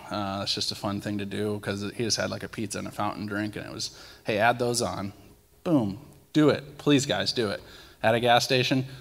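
A young man gives a casual testimony from the pulpit, acting out bits of his story as he goes. His voice sits low with a gravelly edge. The sound rings with the long reverb of a church hall. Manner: animated storytelling with acted-out quotes. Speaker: lay speaker sharing testimonies. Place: church sanctuary.

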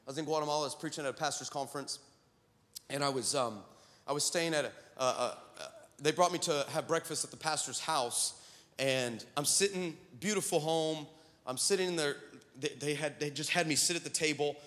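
A man preaching a sermon to his congregation, telling stories with animated humor and jokes. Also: on the high side, brisk, in a large hall. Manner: animated storytelling, joking with the congregation. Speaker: pastor. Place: church sanctuary.

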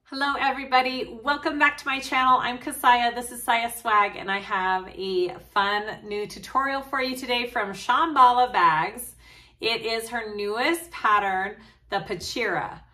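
Bubbly woman host with a bright voice. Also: on the high side, unhurried. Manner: bubbly, gushing, with frequent laughs and fillers. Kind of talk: casual sewing tutorial vlog. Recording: voice a little distant from the mic.

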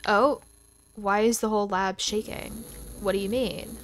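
A woman hosting a gaming channel, giving casual let's-play commentary in a chatty, excitable way with dramatic exclamations. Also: mid-range voice, measured pace.

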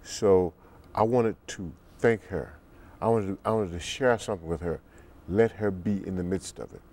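An older man, a musician guest in an interview, telling stories in an unhurried way and acting out the quotes. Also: mellow. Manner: deep, unhurried storyteller who acts out quotes. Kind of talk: relaxed storytelling interview.

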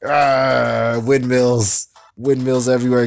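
A man playing a wrestling video game, cursing and shouting at the characters on screen in excitable commentary. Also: medium pitch, a little slow, gravelly. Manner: loud and excitable, trash-talking the screen. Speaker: let's play gamer. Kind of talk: profane gameplay commentary.

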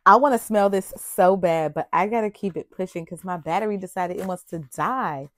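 A young woman, chatting excitedly to viewers as she unboxes gifts. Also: lowish voice, moderate pace, dry recording, studio quality. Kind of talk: casual unboxing chat. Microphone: external mic on camera.

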